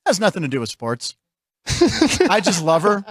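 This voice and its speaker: A man's voice: on the high side, expressive, normal speed, fairly bright tone, no room sound, clean studio sound. A man hosting a sports and comedy show, chatting casually and laughing often. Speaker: host.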